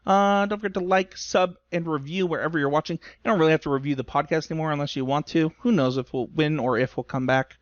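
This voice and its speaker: A man with a fairly high voice rambles through a casual podcast chat, joking at his own expense and getting emotional. The sound is dry and muffled, like a remote call recording. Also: steady tone, fast, few pauses, no echo. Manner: rambling, self-deprecating, emotional. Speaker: podcast co-host.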